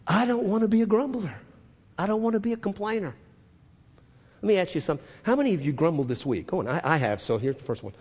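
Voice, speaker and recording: A man preaching a sermon, moving from hushed asides to loud, emphatic declarations with drawn-out stressed phrases. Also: medium pitch, breathy edge. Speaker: pastor. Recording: long hall reverb.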